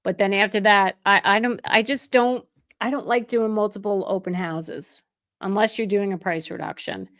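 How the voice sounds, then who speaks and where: A middle-aged woman real estate agent talks through a livestream Q&A in a medium-pitched voice. She answers viewer chat casually, starting sentences over and correcting herself as she goes. She is openly emotional and effusive with her viewers. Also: fairly even intonation, normal speed, fairly bright tone. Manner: chatty and conversational, with frequent restarts and self-corrections.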